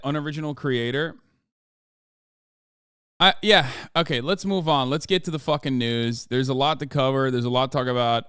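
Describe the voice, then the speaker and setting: A man's voice: medium pitch, a bit bright, clear, resonant tone, dry recording, studio quality. An American man in his thirties, a streamer ranting through livestream commentary, swearing constantly and exasperated.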